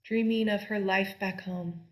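Woman storyteller, folk tale, very slow, deliberate, expressive, medium pitch.

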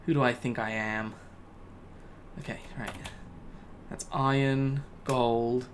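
A gaming YouTuber gives casual Let's Play commentary, talking to himself and laughing at his own mistakes. His mid-range voice is steady and slow, with slight background noise.

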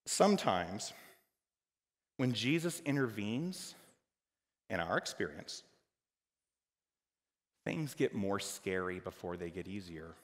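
A man preaching a sermon as pastor, dynamic, moving between loud emphatic lines and quiet, hushed ones. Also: lowish voice, animated, slow, pauses often. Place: church hall. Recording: church hall with long reverb.

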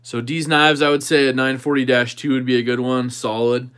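A man's voice: medium pitch, little pitch movement, brisk, fairly bright tone, clear, resonant tone. A man hosting a knife channel livestream, chatting casually with viewers and thinking aloud while he tinkers with a knife.

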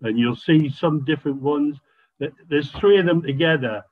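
A man's voice: on the high side, normal speed. Enthusiastic man on a tinny line. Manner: enthusiastic, rambling, stumbling restarts. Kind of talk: casual chat on a video call. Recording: tinny phone-line audio.

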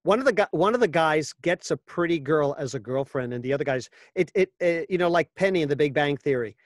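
Dry, slightly high-voiced male voice actor. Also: expressive, fast talker, no room sound. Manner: wry, anecdotal, jokey. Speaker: voice actor guest. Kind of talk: casual interview.

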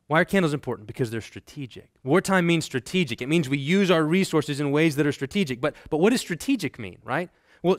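A man's voice: fairly high pitch, no echo, studio quality. A man from Texas teaching a seminary class. He tells personal stories in a conversational way, with frequent ums and restarts, and builds to emphatic lists. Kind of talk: classroom lecture with personal anecdotes.

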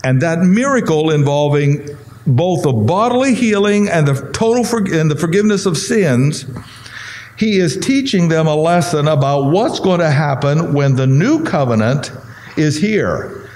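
Pastor guy losing his voice, kinda hoarse, chatty bible study, voice sits a bit high. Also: lively intonation, measured pace, a little mellow, a little hiss or hum. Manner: conversational, asks the listeners rhetorical questions. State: voice going hoarse and weak.

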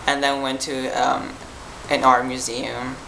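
Tired, gravelly young vlogger rambling to viewers. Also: mid-range voice, level tone, measured pace, bright, forceful tone, echoey room, slight background noise, low-quality recording. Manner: rambling, chatty, lots of "like" and "um". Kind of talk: casual vlog chat to viewers.

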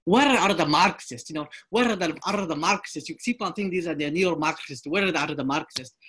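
A man's voice: fairly high pitch, brisk, fairly bright tone, husky, voice pushed up. A man putting on an exaggerated impression of a Slovenian male philosopher, with a mock Slovenian accent, repeating his questions emphatically. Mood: exasperated.

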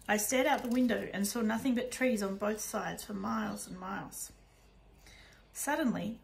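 A woman narrating a children's novel in the first person, in a hushed, soft delivery. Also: medium pitch, vocal fry, low-quality recording. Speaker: audiobook narrator.

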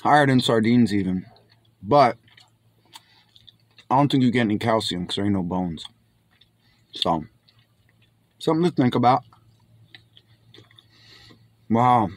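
A man's voice: lowish voice, lively intonation, unhurried, long pauses. A young man hosting a casual food review vlog, enthusiastic and exclaiming as he tastes, often calling out to his friends. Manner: enthusiastic, keeps saying "my friends"; exclaims while tasting.

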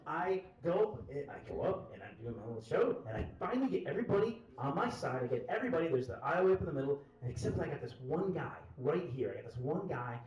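Animated stand-up comic in an echoey club. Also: male voice, fast, hardly any pauses, muffled recording. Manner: animated, jumps into loud high voices for hecklers. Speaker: stand-up comedian. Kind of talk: stand-up storytelling. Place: comedy club stage before a live audience. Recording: roomy club sound from a distant mic, loud crowd laughter.

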